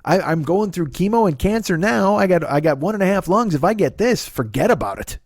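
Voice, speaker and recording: A man's voice: high voice, animated, a little fast, no echo, studio quality, voice pushed up. A man voicing his elderly mother, a blunt, chatty woman in her seventies who shrugs off worry. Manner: matter-of-fact, brushes off worry.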